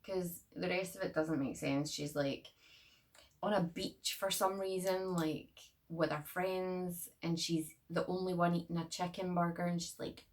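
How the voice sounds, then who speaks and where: Low, creaky rambling woman. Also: steady tone, a little slow. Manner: rambling, chatty, lots of "like". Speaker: horror movie reviewer. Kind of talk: rambling casual movie review. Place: bedroom.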